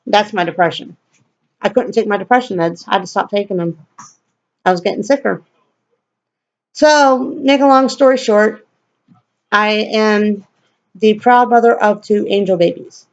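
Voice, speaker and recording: A woman's voice: medium pitch, a little slow, long pauses. Blunt, profane woman vlogger, lo-fi. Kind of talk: personal storytelling rant.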